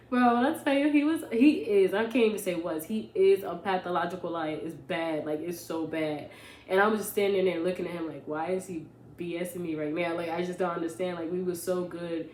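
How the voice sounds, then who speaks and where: A young woman vlogger, telling a story in a casual, animated, rambling way and often correcting herself. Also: on the low side, fairly quick. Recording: echoey room with faint ambience.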